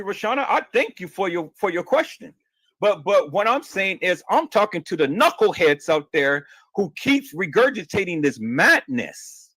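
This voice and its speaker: A man's voice: sits high, fairly bright tone, no echo. A man hosting a livestream and answering viewer questions, emphatic and insistent, often stammering and repeating words. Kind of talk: heated livestream talk.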